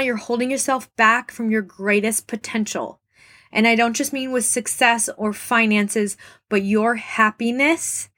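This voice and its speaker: A woman's voice: on the high side, a bit bright. A young woman hosting a motivational podcast, talking straight to her listeners in an earnest, encouraging way with lots of questions. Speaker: podcast host.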